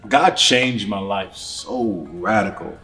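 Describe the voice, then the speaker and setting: A pastor telling his story in a casual church talk show, animated and laughing often. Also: lowish voice, slow, soft background music.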